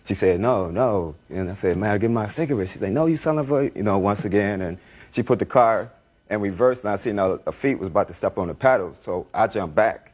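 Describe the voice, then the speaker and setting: A man with a very low voice speaks quickly, telling his side in a courtroom. He rambles, circles back and repeats phrases as he recounts what happened. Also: husky. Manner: rambling, repeats himself, animated retelling. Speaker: defendant. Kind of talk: courtroom testimony.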